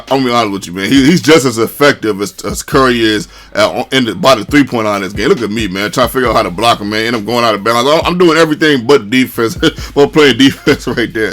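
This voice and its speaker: Excitable chatty man commenting on gameplay. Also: medium pitch. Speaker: gaming commentator. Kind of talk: casual game commentary.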